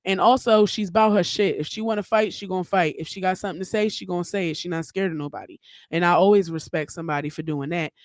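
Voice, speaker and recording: A woman's voice: fairly low pitch, steady tone, fast, no room sound. Woman podcaster, solo chat, salty and outspoken, dry close sound. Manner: blunt, profane, chatty. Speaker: podcast host. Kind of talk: casual solo podcast commentary.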